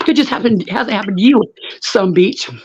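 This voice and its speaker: A woman's voice: mid-range voice, normal speed, darkish tone, slightly rough. Blunt, cursing woman on a lo-fi call. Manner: blunt, profane, repetitive. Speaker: panel guest. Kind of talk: heated live panel rant.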